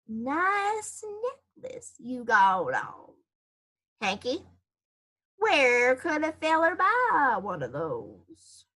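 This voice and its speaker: A woman voicing a lazy, teasing male barn cat in a storybook reading, with a slow, mocking drawl. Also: high-pitched, huge pitch swings, pushed and bright, exaggerated voice.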